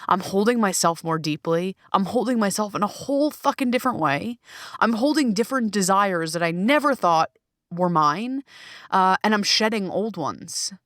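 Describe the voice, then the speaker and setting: This is a solo podcast monologue by a woman with a medium-pitched voice who runs her own podcast and coaching. Recorded in a small closet, she talks candidly and expressively, swearing often and speaking with emphasis. The audio is dry and of studio quality.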